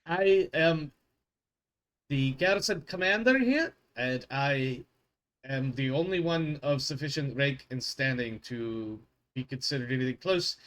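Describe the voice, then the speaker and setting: A man's voice: medium pitch, measured pace, fairly bright tone, lightly acted. A man voicing a tired male garrison commander who speaks formally and deferentially to a lord. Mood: dutiful.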